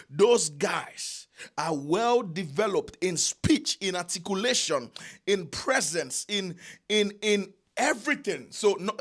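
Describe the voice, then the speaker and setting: A man preaching a sermon, emphatic, repeating phrases and drawing out key lines with long pauses. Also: sits high, fairly bright tone.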